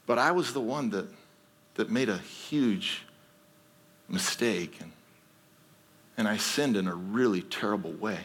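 Husky, bright-voiced preaching man. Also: lowish voice, unhurried, long pauses. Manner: earnest storytelling, rising to emphatic exhortation. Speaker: pastor. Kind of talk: sermon.

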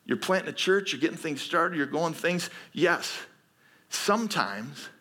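A man's voice: fairly high pitch, expressive, a little slow, bright, forceful tone. A man preaching a sermon as a pastor, telling his own story earnestly and then pressing his point with emphatic exhortation.

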